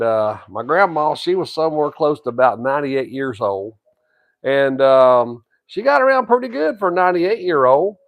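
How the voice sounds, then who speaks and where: A man's voice: mid-range voice, no echo. Folksy grandpa in his sixties. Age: 60s. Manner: drawling, rambling tall tale with a deadpan punchline. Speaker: co-host, grandfather. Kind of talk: folksy storytelling and casual wrestling chat.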